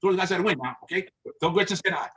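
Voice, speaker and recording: This is a man imitating a bossy older team owner, quick and clipped. He keeps repeating himself, and his pitch is raised and his voice is loud. He gives orders as he talks. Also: distant mic. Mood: brusque cheer.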